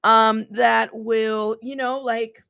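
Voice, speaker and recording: Woman, casual commentary host, gravelly voice, dry close sound, talks straight to viewers. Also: fairly high pitch, flat delivery, slow pace, a bit bright, no echo. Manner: laughs often.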